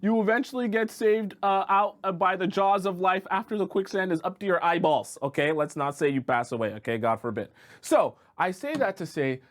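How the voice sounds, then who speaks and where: A man giving relationship advice as a coach, talking casually and checking in with "right?" and "okay?" as he acts out examples. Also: a little high. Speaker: dating coach. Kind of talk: advice monologue to camera.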